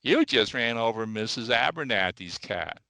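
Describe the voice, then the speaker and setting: A man's voice: mid-range voice, animated, moderate pace, pushed and bright, no room sound. A man voicing a little boy who states things in a matter-of-fact way.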